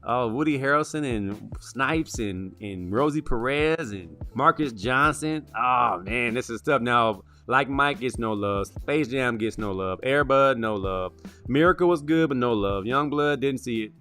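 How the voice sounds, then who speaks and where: A man co-hosting a sports show, talking through favorite movies in a casual, animated way and tacking "man" onto lines. Music plays faintly underneath. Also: medium pitch. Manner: animated, drawn-out "man" asides.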